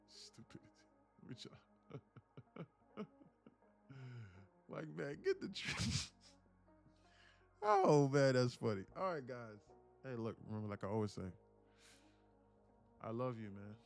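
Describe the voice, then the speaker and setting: Gravelly man ranting on a live stream. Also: fairly low pitch, a little mellow. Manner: profane, ranting and motivational. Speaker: day trading streamer.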